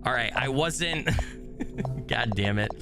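A man's voice: mid-range voice, expressive, takes it slowly. A man doing horror game commentary, talking to himself, swearing and panicking, sometimes whispering while he hides, on a desk mic. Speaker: gaming YouTuber. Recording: game music playing behind.

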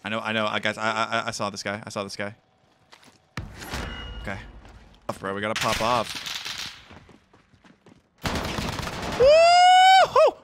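A young man streaming a shooter game, commenting in excited bursts, shouting and repeating phrases, then walking through his loadout. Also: fairly low pitch, normal speed, long pauses, background noise. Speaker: gaming streamer. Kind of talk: excited live gameplay commentary.

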